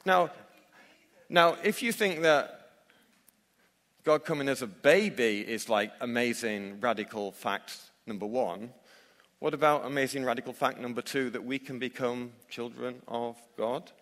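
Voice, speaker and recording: A man's voice: medium pitch, unhurried, a bit bright, in a large hall. A man preaching a sermon in church, emphatic and full of rhetorical questions for his listeners. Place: church hall.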